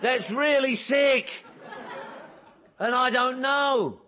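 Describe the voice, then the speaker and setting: A man's voice: very high-pitched, extremely slow, some chatter behind, slight background noise. A man speaking at a recovery meeting, telling his own story with humor and acting out the dialogue. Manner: lively storyteller who acts out dialogue and jokes about himself. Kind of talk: humorous personal testimony to an audience.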